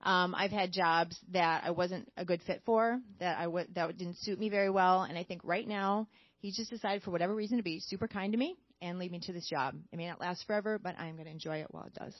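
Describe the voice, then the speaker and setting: A woman's voice: lowish voice, fairly even intonation, fast talker, no room sound. A woman speaking as a church panel guest, candid and open. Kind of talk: unscripted testimony. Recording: dull dry sound.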